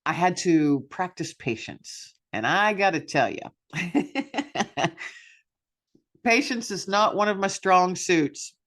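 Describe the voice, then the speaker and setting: Brief: woman podcast host, candid self-deprecating monologue, bright forward tone. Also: fairly low pitch, lively intonation, takes it slowly, pauses often. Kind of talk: personal reflection monologue.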